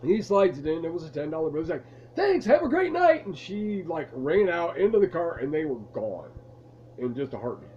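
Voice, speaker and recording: A man's voice: fairly high pitch, animated, a little fast, dark tone, muffled recording, slight background noise. A man casually telling a rambling, amused story to camera in a room at home. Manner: laid-back, rambling, amused. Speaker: vlogger telling stories from his past. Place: room at home lit by a lamp.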